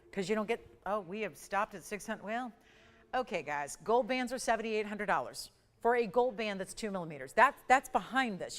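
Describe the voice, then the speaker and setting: A woman hosting a live TV jewelry auction, calling out bids in brisk, upbeat sales patter. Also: a little high, a bit bright, in a large hall. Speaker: live shopping auction host.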